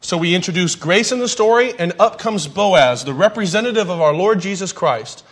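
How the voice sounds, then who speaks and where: A man's voice: sits high, lively intonation, moderate pace, a bit bright, slightly rough. A man teaching a Bible class in a conversational way, asking the audience questions and adding light humor.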